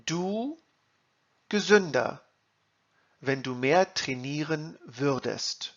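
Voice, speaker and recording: A man teaching German grammar, reading example sentences and translating them in a slow, deliberate lesson. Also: a little high, lively intonation, dull audio.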